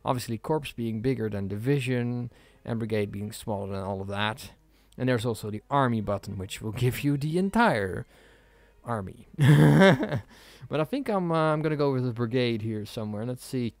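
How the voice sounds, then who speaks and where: A man's voice: mid-range voice, moderate pace, no room sound. Rambling man doing game commentary. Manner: rambling, self-deprecating, many fillers. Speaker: gaming YouTuber. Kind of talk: casual let's play commentary. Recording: game music and battle sounds behind.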